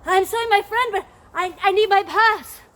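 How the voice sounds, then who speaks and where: A woman's voice: very high-pitched, normal speed, a bit bright, voice pushed up. A woman voicing a loyal male sailor who feels betrayed, speaking urgently in a storybook telling. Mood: reproachful. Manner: urgent, reproachful.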